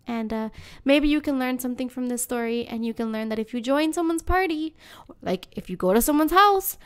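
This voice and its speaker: A woman's voice: on the high side, clear, resonant tone. A woman, hosting a podcast and telling a story in casual chat, ranting and swearing freely. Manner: animated ranting, swears a lot. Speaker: podcast host.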